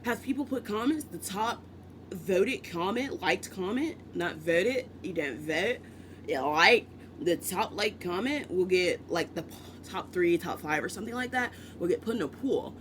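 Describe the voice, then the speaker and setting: Man from the US, book vlogger, loose chatty delivery, pitched high. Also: animated, measured pace, a bit bright, a little hiss or hum. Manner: chatty, self-interrupting, joking asides. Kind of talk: casual rambling vlog chat.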